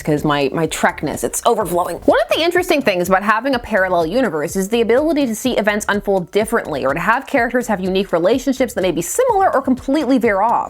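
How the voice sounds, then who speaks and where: Sarcastic woman gushing over comics. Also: mid-range voice. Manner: sarcastic, nerdy, enthusiastic asides. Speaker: comic book reviewer. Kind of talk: casual commentary.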